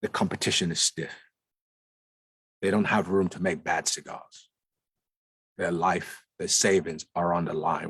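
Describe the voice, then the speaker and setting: Male guest speaker, low husky voice, emphatic and insistent, dry close sound. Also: no room sound. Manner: emphatic, repeats words for stress. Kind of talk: conversational talk. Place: lounge.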